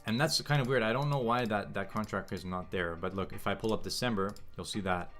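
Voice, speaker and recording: A man hosting a casual trading livestream, thinking aloud in a halting way and answering chat questions. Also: fairly low pitch, fairly bright tone, faint music behind.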